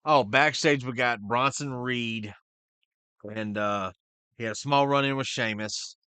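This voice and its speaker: A man hosting a podcast, recapping a wrestling show in casual, profane chat and quickly voicing the people he quotes. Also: medium pitch, smooth, dry recording. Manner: profane, excitable, retells scenes in quick voices. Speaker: podcast host.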